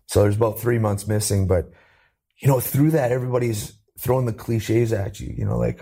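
A low, gravelly man with a husky, dark tone tells his own story in an interview. He is earnest and acts out what others said to him, lifting his voice for the quotes. He is from Canada. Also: fairly even intonation, fairly quick. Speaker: interview guest.

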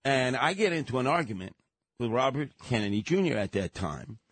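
An older man, co-hosting a radio talk show and telling stories with animated voices. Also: mid-range voice, fairly quick, no echo. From New York. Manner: storytelling, animated voices in quotes. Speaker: radio co-host.

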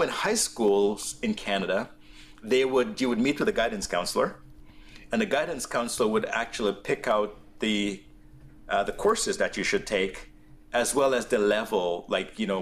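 A man from Jamaica, a guest in an interview, telling his story in a reflective, plainspoken way with frequent pauses. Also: fairly low pitch, a bit bright, slight background noise.

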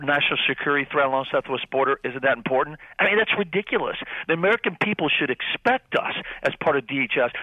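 A man calls in to a radio show as a homeland security official. He speaks earnestly, stumbling and restarting his sentences. His voice is mid-pitched, and it comes through a thin, tinny phone line. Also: no echo.

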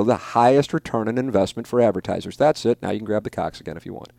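A man's voice: lowish voice, quick pace, vocal fry, few pauses, darkish tone, no echo. A man in his forties hosting a podcast, answering listener questions in a blunt, emphatic and profane way, often repeating his points. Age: 40s. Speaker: podcast host.

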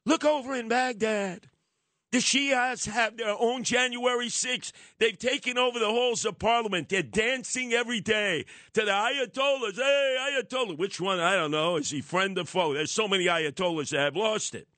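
A man hosts a talk radio show, firing off sarcastic, animated opinions. His voice runs a little high for a man. The sound is dry and close to the mic. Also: moderate pace, dry recording.

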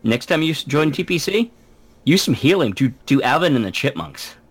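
A man co-hosting a gaming podcast, telling stories about games in a relaxed, rambling way. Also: on the high side, brisk, breathy edge. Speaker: podcast co-host. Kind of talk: casual gaming chat.

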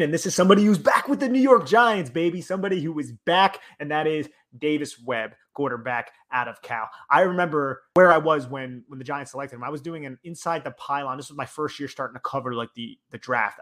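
A man's voice: medium pitch, fairly bright tone. Analytical male sports podcast co-host. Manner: analytical, breaks down plays in detail.

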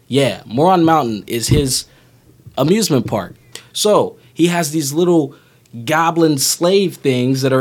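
A man co-hosting a podcast, rambling playfully as he retells a movie plot. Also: mid-range voice. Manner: rambling, playful, retells plots with put-on voices. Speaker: podcast co-host. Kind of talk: casual podcast chat.

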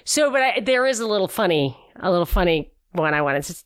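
A woman's voice: fairly low pitch, animated, brisk, no room sound. A woman talks on a podcast in a chatty, opinionated way, breaking off and restarting her sentences as she goes. The sound is close and dry, with no room around her voice. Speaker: podcast co-host. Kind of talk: casual conversational podcast.

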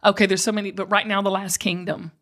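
Bright-voiced chatty woman. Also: medium pitch, quick pace. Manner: animated storyteller, laughs a lot. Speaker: podcast co-host. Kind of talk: casual chat.

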